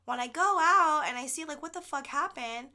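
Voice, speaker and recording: A woman co-hosting a podcast, telling a story in animated casual chat with plenty of swearing. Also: high voice, fairly quick. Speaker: podcast co-host.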